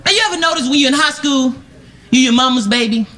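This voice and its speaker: A young man doing a stand-up comedy routine, loud and shouting his punchlines, from an archival club set. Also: very high-pitched, fast. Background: laughing audience.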